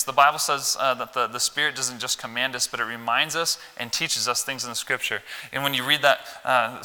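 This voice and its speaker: A man from the American Midwest preaching a folksy, animated sermon in church, swinging from loud emphasis to low asides. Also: smooth. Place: church sanctuary. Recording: long hall reverb.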